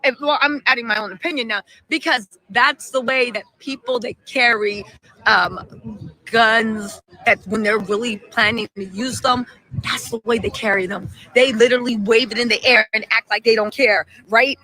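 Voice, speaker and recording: A woman's voice: fairly high pitch, steady tone, moderate pace, pushed and bright, rough recording. A woman hosting a casual live stream, chatting animatedly, reading out viewer messages and firing off emphatic rhetorical questions.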